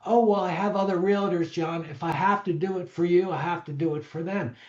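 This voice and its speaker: A man's voice: high voice, fairly even intonation, fairly quick, voice pushed up, natural voice. A man acting out an evasive male business contact who brushes off a request with noncommittal, mumbling excuses. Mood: excusing. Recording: roomy, slightly dull recording.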